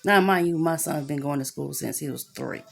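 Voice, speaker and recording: A woman's voice: deep voice, moderate pace, gravelly, slightly rough, soft background music. A woman, telling a story about her son in an angry rant full of profanity. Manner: angry, profane, talks with lots of cussing.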